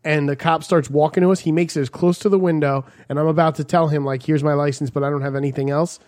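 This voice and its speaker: A young man from New Jersey with a fairly high voice tells stories in a casual podcast chat. He swears constantly and tells it with lots of animation. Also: fast. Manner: profane, animated storyteller.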